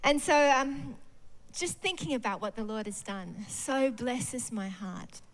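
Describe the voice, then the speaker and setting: A woman's voice: fairly high pitch, lively intonation, a little slow. A woman preacher giving a sermon in a church service. She talks expressively and animatedly and often laughs.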